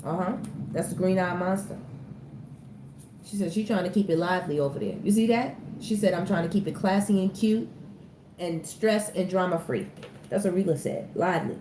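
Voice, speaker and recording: A woman's voice: on the low side, normal speed, warm tone. A woman giving a casual tarot reading, chatting straight to her viewers and laughing often as she talks. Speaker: tarot reader. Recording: echoey room with faint ambient noise.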